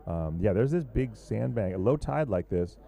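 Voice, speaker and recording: A man's voice: fairly low pitch, expressive, moderate pace, creaky, warm tone. A man commentating live at a surf contest, loose and joking, rambling with lots of fillers.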